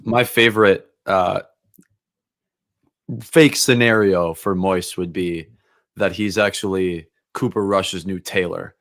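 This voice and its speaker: A man with a very deep, gravelly voice, chiming in with jokes on a sports talk show. His low, creaky tone stands out against the host's, and the sound is dry and close. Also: steady tone, slow, a bit bright, no echo. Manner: joking, chiming in.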